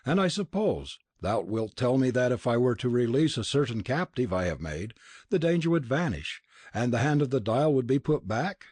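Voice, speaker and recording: A man's voice: mid-range voice, sing-song, moderate pace, a little mellow, breathy edge, no room sound. A man voicing an arrogant Italian prince who speaks haughtily, impatiently and with scorn. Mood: scornful. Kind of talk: audiobook character reading.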